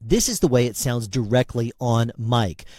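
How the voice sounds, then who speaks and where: A man's voice: mid-range voice, lively intonation, moderate pace, a little mellow, no echo. A man casually reviewing and demonstrating a handheld dynamic microphone in a small room at home, talking close into it. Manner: conversational, demonstrating into different mics. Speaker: product reviewer.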